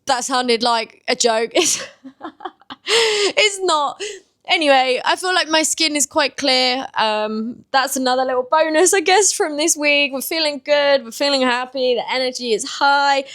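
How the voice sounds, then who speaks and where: A woman's voice: high voice, moderate pace, hardly any pauses, fairly bright tone. A woman in her twenties with a British accent, talking openly and casually to camera in a confessional vlog, with many filler words. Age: 20s. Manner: open, chatty, many "like" fillers. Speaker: vlogger.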